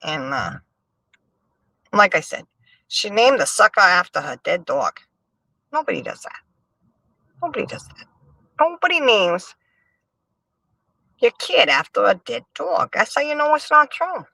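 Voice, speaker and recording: Sassy animated woman streamer. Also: mid-range voice, a little slow, vocal fry, long pauses, dry recording. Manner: animated, sassy, reads chat aloud. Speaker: livestream host. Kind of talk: casual gossip commentary.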